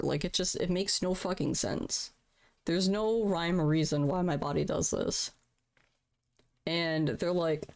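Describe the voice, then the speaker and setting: A woman's voice: on the low side, measured pace, gravelly, darkish tone. A woman live-streaming in casual chat, candid and profane, laughing at her own troubles.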